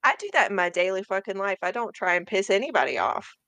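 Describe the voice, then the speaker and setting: Young woman, smooth clear voice, dry close sound, earnest, casual book chat. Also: medium pitch, sing-song, fast, pushed and bright, no room sound. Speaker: podcast co-host.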